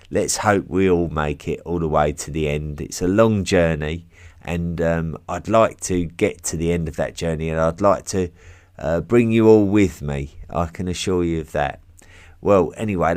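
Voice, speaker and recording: A man's voice: low-pitched, no room sound, studio quality. An English man hosting a history podcast, chatting casually through listener mail with plenty of ums, restarts and self-deprecating asides.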